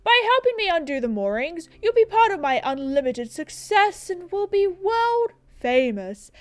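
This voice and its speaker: Boastful male adventurer in a game, Australian accent, grand and self-important, high and swooping as a woman puts him on. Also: sing-song, moderate pace, no room sound. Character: boastful adult male balloon explorer.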